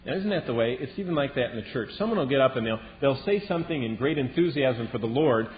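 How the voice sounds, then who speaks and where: A man preaching a sermon as a Bible teacher, telling the story in a lively way and acting out the lines he quotes. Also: mid-range voice, quick pace. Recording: dull lo-fi recording with long reverb and faint hiss.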